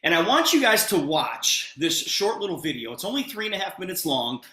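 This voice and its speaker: A man pitching a product on a video call with eager, persuasive energy, speaking straight to his listeners. His voice is bright and forceful. The sound is roomy, with a clear echo around him. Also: very animated, fairly quick. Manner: eager, persuasive, addresses audience directly. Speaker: presenter.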